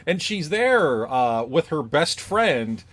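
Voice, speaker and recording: A man's voice: fairly high pitch, very animated, slow, a bit bright. A young adult man co-hosting a movie podcast, teasing in a dry, witty way. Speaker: podcast co-host. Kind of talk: casual chat.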